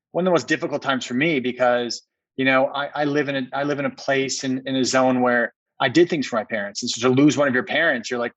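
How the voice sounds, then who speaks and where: A man's voice: medium pitch, a bit bright, no room sound, dull audio. A man, a company co-founder, telling a personal story as a podcast guest, earnest and repeating words for emphasis.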